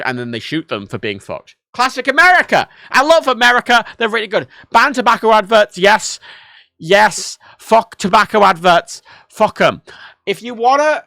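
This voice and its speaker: Chatting through a game on his livestream, an Irishman with an Irish accent is animated, rambling, and freely sweary. His voice is mid-range, recorded dry with clean studio sound.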